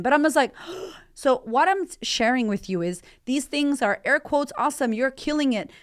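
A woman hosting a motivational podcast, talking with candid energy and swearing freely. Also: on the high side. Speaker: podcast host and life coach.

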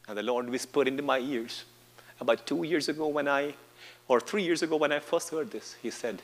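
A man preaching a sermon at a live church service, impassioned and rising to shouts. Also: mid-range voice, brisk, a little hiss or hum. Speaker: pastor.

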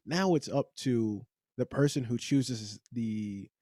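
A man with a mellow, warm voice hosts a casual podcast chat, rambling along and restarting his sentences. His voice sounds dry and close, with no room around it. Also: mid-range voice, slow, no room sound. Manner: conversational, rambling, frequent restarts. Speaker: podcast host.

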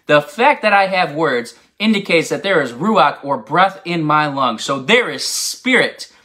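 A man's voice: fairly high pitch, expressive, unhurried, bright, forceful tone. A man giving an informal, enthusiastic bible teaching, rambling into asides and laughing at himself. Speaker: preacher.

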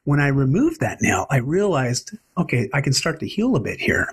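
A man in his forties, an animated guest telling stories in a conversational interview. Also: medium pitch, moderate pace, slightly rough. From Canada. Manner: animated, expressive storyteller.

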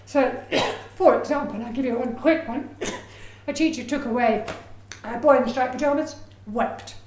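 A woman giving a lively, chatty lecture on her research, with personal asides. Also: sits high, moderate pace, roomy sound, slight background noise. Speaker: education researcher giving a talk. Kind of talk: lecture presentation.

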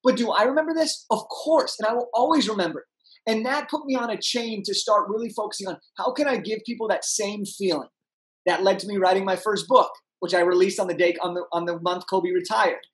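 A young man, a podcast guest, telling an energetic story and acting out the people in it. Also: high voice, a little fast, poor audio. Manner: animated, acts out voices in his anecdotes.

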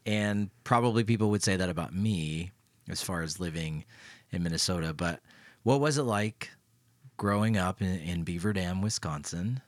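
A man's voice: low voice, no echo. A middle-aged man from Tennessee, a pastor co-hosting a podcast, chatting casually in a playful, teasing way. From Tennessee, US South. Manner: playful, teasing, quick to laugh. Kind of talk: casual conversation.

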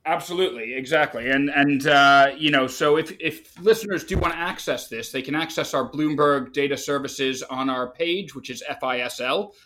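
A man's voice: mid-range voice, moderate pace, few pauses, pushed and bright. A man hosting a market podcast, chatting casually, agreeing readily and using frequent fillers. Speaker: podcast host.

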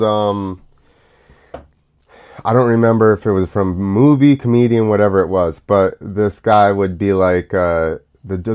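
A man's voice: fairly low pitch, darkish tone, clear, resonant tone. A young man hosting his own show, talking casually in a sarcastic, ranting monologue that drifts off on tangents. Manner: sarcastic, mocking. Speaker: show host.

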